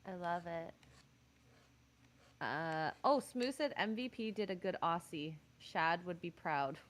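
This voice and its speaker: A woman streamer chats casually with friends during a livestream. Her pitch swings widely and she laughs often, keeping the talk animated and loose. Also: slow. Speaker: streamer host.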